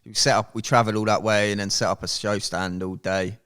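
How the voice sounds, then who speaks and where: A man in a relaxed podcast chat, with a fairly low voice. He tells his story in an animated way and swears freely. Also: brisk, clear, resonant tone. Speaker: podcast guest. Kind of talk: casual storytelling.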